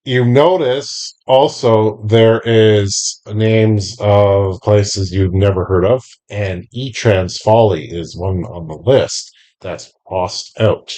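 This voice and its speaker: A man running a tabletop game as game master, describing scenes slowly and deliberately. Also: on the low side, dark tone.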